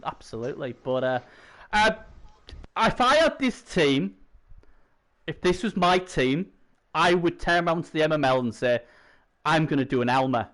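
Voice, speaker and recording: A man's voice: on the high side, animated, moderate pace, long pauses, a bit bright. Rambling man chatting league. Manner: rambling, many restarts and fillers. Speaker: co-host. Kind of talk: casual gaming league chat.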